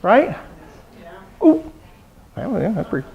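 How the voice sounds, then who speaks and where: In a conference hall, a middle-aged man delivers a humorous keynote speech, his slightly high voice slow and creaky, with the highs cut off in the recording. He tells stories with lively energy and acts out the voices of the people he quotes.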